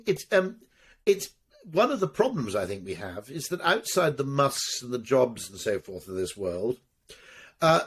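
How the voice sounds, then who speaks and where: A man's voice: medium pitch, husky. A middle-aged man answering interview questions, telling wry, rambling stories full of restarts and asides. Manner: discursive storytelling with frequent restarts and asides; wry, occasionally profane. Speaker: marketing executive guest.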